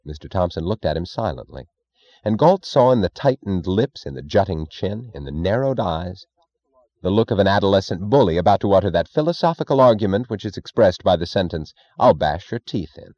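A man giving a measured, scripted audiobook narration. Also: deep voice, expressive, darkish tone, no room sound, dull audio.

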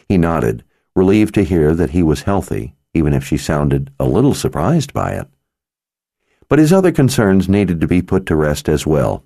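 A man narrating an audiobook in a measured, steady manner. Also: rumbling low, no echo, clean studio sound.

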